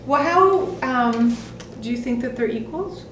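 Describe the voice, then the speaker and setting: A woman's voice: high-pitched, expressive, unhurried, a bit bright, slight background noise. A woman acting coach giving scene notes to an actor in an acting studio, animatedly acting out lines as she explains. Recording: echoey room, far from the mic.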